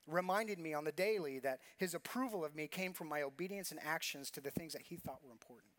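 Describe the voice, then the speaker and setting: A man's voice: on the high side, quick pace, fairly bright tone. A man preaching a sermon as pastor, earnest and confessional, telling a personal story with repeated phrases.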